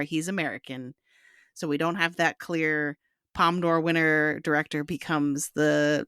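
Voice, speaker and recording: A woman co-hosting a relaxed podcast conversation. Her voice sits a little low but sounds bright and forward. She talks loosely and hedges often, with plenty of filler words. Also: no echo, studio quality. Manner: chatty, hedging, full of "like" and "um". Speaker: podcast co-host. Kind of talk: casual chat.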